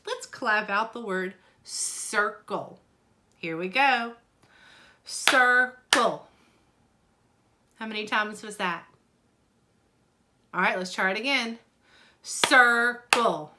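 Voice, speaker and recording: Slow sing-song preschool teacher woman. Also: medium pitch, background noise. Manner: sing-song, encouraging, speaks slowly and clearly to young children. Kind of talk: children's lesson.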